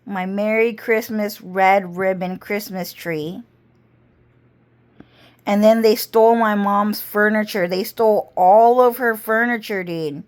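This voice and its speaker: A woman telling a rambling story to her camera, cursing constantly. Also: mid-range voice. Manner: rambling, heavy cursing, slow drawl. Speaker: vlogger. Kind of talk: casual storytelling monologue.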